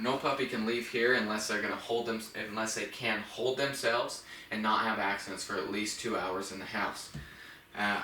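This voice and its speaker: Bright-voiced male dog trainer, roomy sound. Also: distant mic, a little hiss or hum. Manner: instructive, talks to the dog in high praise bursts. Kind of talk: casual training demonstration.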